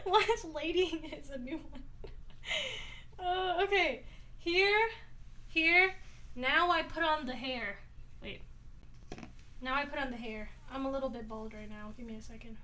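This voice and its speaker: Recorded a bit off-mic, a woman livestreams a casual chat in a high, animated, pushed and bright voice at a measured pace with long pauses. She giggles constantly and rambles, distracted as she fiddles with things to the side.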